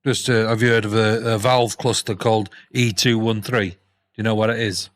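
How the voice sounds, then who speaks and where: A man, a player in a tabletop game, talking through plans casually and haltingly. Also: on the low side, steady tone. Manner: casual, halting planning talk.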